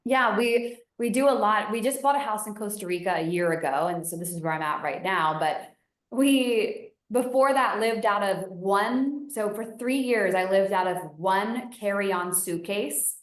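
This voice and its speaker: Woman, young adult, podcast guest, chatty, animated, lots of fillers, echoey room. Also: mid-range voice, measured pace. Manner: chatty and animated, many fillers, voice rising when excited. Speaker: podcast guest, business founder. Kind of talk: casual interview storytelling. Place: home in Costa Rica.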